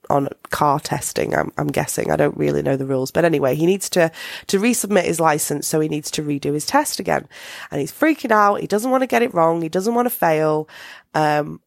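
A woman's voice: deep voice, creaky, dry recording, clean studio sound. A woman hosting a casual solo podcast, rambling with many fillers and restarts. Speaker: podcast host.

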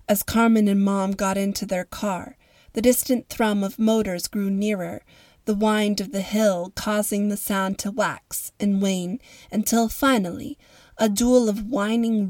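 Calm woman reading a storybook. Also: mid-range voice, unhurried, no echo. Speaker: audiobook narrator and podcast host. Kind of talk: storybook narration.

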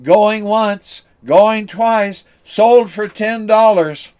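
A man's voice: high-pitched, drawn-out words, a little mellow, smooth, voice pushed up. A man voicing a persistent male auctioneer who calls out bids at an estate sale. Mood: insistent. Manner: insistent, calling out bids.

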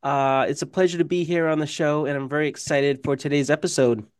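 A man co-hosts an interview with a smooth, resonant voice that sits a little high. He asks polite questions, hesitating now and then. The sound is dry, with no room echo. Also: fairly even intonation, a little fast. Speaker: guest co-host. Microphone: video call.

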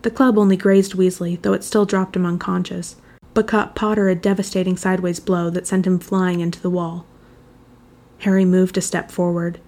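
A woman reads a fan fiction chapter aloud in a low, gravelly voice. Her delivery is even and measured, the steady pace of a storyteller working through a long passage. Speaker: narrator. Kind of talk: fan fiction audiobook reading.

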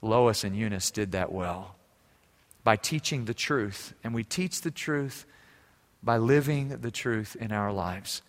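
A middle-aged man preaching a sermon as pastor, telling stories with lively humor and ending in prayer. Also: lowish voice, slow pace, big-room sound. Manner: storytelling, lively, warm humor.

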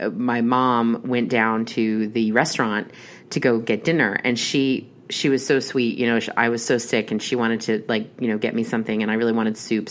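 A young adult woman telling a long, rambling personal story in casual chat, with many restarts and fillers. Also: rumbling low. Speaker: horror podcast host.

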